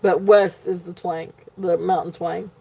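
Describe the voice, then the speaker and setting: A woman's voice: fairly low pitch, flat delivery, measured pace, creaky, mellow, a little hiss or hum. A woman with a southern Virginia twang, hosting a live jewelry sale in a rambling, chatty way with lots of fillers. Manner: rambling, filler-heavy, giggly asides. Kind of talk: live-stream sales chat. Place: home, shop setting.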